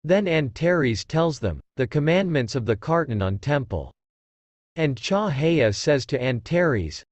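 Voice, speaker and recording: A man's voice: a little high, very animated, a little slow, dry recording, lo-fi sound. A man narrating a comic recap in a plain, repetitive retelling.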